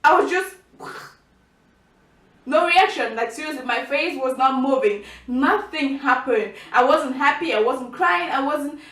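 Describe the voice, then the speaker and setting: Young woman vlogger, high voice, animated storyteller, roomy distant sound. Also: unhurried. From Cameroon. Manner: chatty, animated, many restarts and fillers. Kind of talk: casual storytelling to camera. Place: indoor room by a window.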